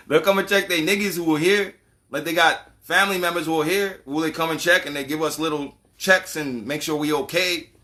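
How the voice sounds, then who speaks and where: A man's voice: fairly high pitch, steady tone, normal speed, sharp tone. A man giving a casual, profane monologue as a channel host, ranting animatedly and laughing often.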